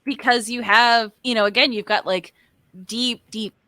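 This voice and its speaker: Woman, higher and very bright, dry close sound, chatty, laughs a lot, lots of "like"s. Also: steady tone, dry recording. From northeastern United States. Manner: chatty and quick to laugh, with many "like"s. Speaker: artist on a group stream. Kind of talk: casual chat.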